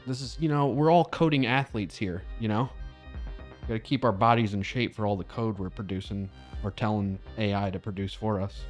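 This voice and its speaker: A man hosting a live stream in a casual, upbeat chat, a little low on energy, leading viewers through stretches. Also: fairly quick, soft background music. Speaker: livestream host.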